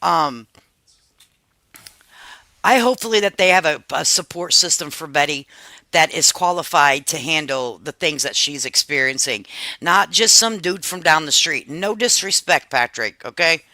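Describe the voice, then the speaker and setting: A woman's voice: deep voice, animated, normal speed, pushed and bright, no room sound. A middle-aged woman hosting a live stream, chatting casually with viewers, laughing often and swearing freely. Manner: frank and talkative.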